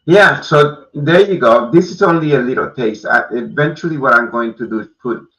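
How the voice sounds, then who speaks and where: A man hosting a casual chat, speaking haltingly with restarts. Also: mid-range voice, fairly bright tone. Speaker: host. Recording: dull, roomy, far from mic.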